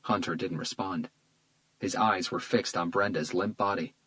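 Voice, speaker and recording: Low-voiced male audiobook narrator. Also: normal speed, fairly bright tone, no echo, rough recording. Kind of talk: scripted narration.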